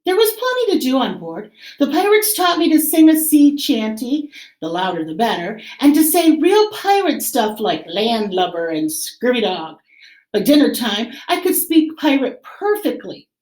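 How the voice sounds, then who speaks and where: Animated woman teacher reading aloud. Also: high voice, moderate pace, echoey room. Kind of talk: read-aloud story time for children.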